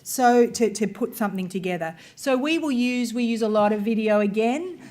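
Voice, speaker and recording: A woman's voice: a little high, moderate pace, darkish tone. A woman researcher giving a conversational workshop presentation, talking the audience through video examples. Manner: conversational, explanatory, talks through clips.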